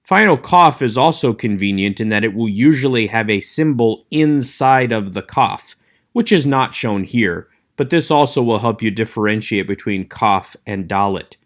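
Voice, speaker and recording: A man teaching an online Hebrew class, explaining letters in a clear, measured way and slowing down to demonstrate sounds. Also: lowish voice, expressive. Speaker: Hebrew instructor. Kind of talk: recorded online lecture.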